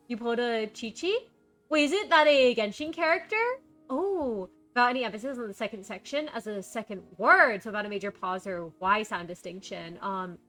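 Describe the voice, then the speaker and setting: A woman's voice: on the high side, animated, a little fast, pushed and bright, faint music behind. A woman streamer in casual live chat, bubbly, reading viewer messages aloud and greeting them on a desk microphone. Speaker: game streamer.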